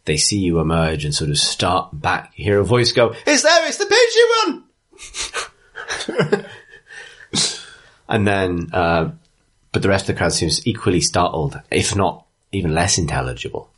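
A man's voice: sits low, normal speed, fairly bright tone, breathy edge. A man narrating a tabletop game as game master, chatty and correcting his own wording as he goes.

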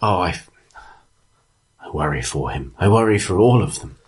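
A man voicing a nervous, charmed male alchemist who speaks haltingly and stammers. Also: low voice, expressive, slightly rough, full character voice. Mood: anxious.

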